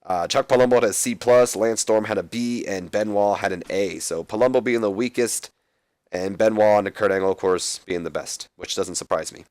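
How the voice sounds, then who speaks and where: Young dude rambling thru his wrestling sim recap, lowish voice, dead dry close mic. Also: moderate pace, a little mellow, no room sound. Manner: casual, rambling, reads out scripted lines. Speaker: let's play host.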